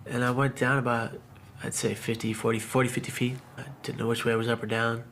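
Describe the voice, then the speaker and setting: Man telling his story, halting and emotional. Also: medium pitch, level tone, fairly bright tone, a little hiss or hum. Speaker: suicide attempt survivor. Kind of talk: personal testimony. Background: background music.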